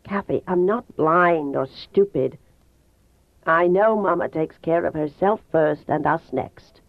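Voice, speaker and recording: A woman reading an audiobook voices an earnest, protective teenage boy in a lowered, hushed voice. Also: slow, no echo. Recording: tinny phone-like dry sound.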